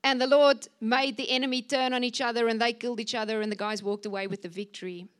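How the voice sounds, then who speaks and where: A woman's voice: a little high, fairly even intonation, quick pace. A woman preaching a sermon in a church service, fervent and exhorting, acting out scripture quotes with a raised voice.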